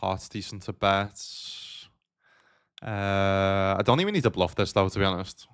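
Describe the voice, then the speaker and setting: Young man, low-ish casual voice, poker stream chatter. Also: a little slow, a bit bright, clean tone. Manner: casual, swears, talks to chat. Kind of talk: live-stream commentary while playing.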